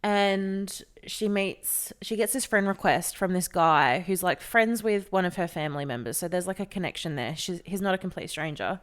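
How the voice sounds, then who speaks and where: Speaking at normal speed with few pauses, a woman with a lowish voice recounts a story as a podcast co-host. The chat is casual and she swears freely, animatedly acting out the quoted voices of everyone involved.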